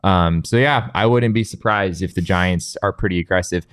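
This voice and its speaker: A young man co-hosting a sports talk show, talking in an animated, casual way with lots of restarts and "like". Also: deep voice, normal speed, smooth, dry recording, studio quality. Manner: animated, with frequent restarts and filler "like".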